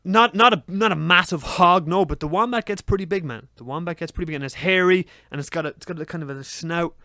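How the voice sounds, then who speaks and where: A young man telling a story on a podcast, swearing freely and acting out his own frantic shouts. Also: a little high, fast talker, no room sound, clean studio sound. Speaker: podcast co-host. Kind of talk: casual storytelling chat.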